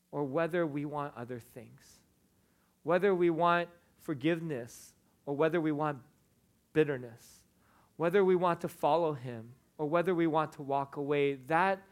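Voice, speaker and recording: A young man preaching a sermon, talking in a conversational, storytelling way with frequent fillers. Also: on the high side. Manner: conversational storytelling with fillers, animated and laughing in anecdotes. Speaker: pastor.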